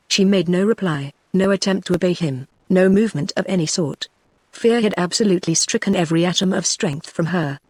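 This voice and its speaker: A synthetic text-to-speech woman's voice with a British accent, reading a novel as scripted narration in a steady tone. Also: lowish voice, a little fast, husky, dry recording. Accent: British English. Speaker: audiobook narrator.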